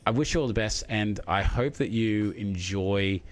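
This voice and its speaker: A man's voice: lowish voice, normal speed. A man chatting casually as he reads out viewer messages, rambling and friendly with lots of fillers. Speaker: streamer reading chat. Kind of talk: casual live chat.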